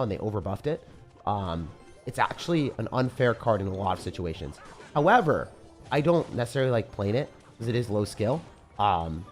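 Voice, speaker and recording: A man with a low, slightly hoarse morning voice talks casually through a live game stream. He mixes play-by-play calls with chatty replies to viewers, while faint music plays underneath. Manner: casual, chatty, reads viewer comments aloud. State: rough morning voice. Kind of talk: live gameplay commentary and chat reading.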